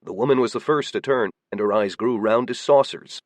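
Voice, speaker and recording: A man giving steady, measured audiobook narration. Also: fairly low pitch, dry recording.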